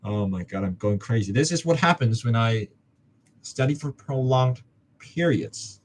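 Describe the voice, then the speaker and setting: A man's voice: medium pitch, measured pace. Man muttering to himself while studying. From Hong Kong. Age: young adult. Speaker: student vlogger. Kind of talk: study-with-me self-talk.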